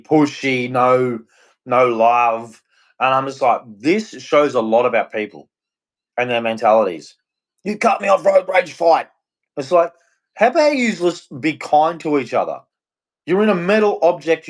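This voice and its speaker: A man hosting a livestream, ranting in a rambling, frustrated and heartfelt way. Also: medium pitch. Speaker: livestream host. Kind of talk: casual ranting monologue.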